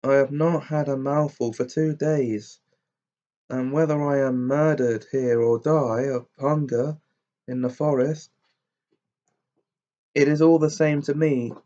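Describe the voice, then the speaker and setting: A man's voice: mid-range voice, fairly even intonation, slow pace, long pauses, warm tone, muffled recording, close to an everyday voice. A man doing a bold, hungry soldier.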